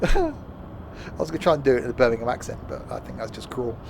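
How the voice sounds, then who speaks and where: A man's voice: mid-range voice, expressive, fast talker, creaky, noisy background. Rambling man streaming a game. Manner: rambling, jokey, often trails off mid-sentence. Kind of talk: casual gameplay commentary.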